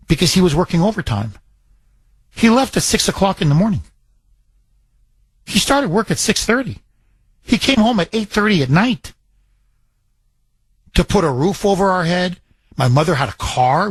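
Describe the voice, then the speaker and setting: Husky-voiced, animated middle-aged man hosting radio. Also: a little high, no room sound. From Canada. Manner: emotional personal storytelling, emphatic and indignant. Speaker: radio talk show host. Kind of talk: talk radio monologue.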